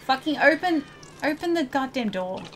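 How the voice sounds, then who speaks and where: A woman's voice: high-pitched, animated, moderate pace. Chatty woman gamer, noisy game audio. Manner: chatty to viewers, swears at game characters. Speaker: let's play gamer. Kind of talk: casual gameplay commentary.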